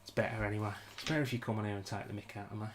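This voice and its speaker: Talking rapid-fire in a lowish, steady voice, a young British man chats with his live-stream viewers while working at a bench. He has a British accent, and his banter is self-deprecating and full of apologies, recorded against very noisy surroundings.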